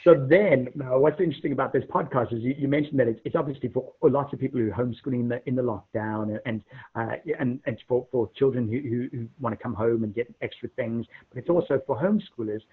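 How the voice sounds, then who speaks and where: A middle-aged man from Africa, a guest telling stories in an animated, chatty way over a video call. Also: medium pitch, quick pace, slightly rough. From South Africa. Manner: animated, repeats words when starting. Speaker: guest, minister. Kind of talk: casual storytelling chat. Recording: muffled phone-like call audio.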